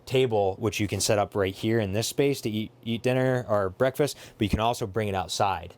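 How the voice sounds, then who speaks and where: A man's voice: fairly low pitch, brisk, darkish tone. A man hosting a casual walkthrough of a trailer, talking eagerly with lots of fillers and restarts. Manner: eager, filler-heavy, self-correcting. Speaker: dealership host showing a trailer.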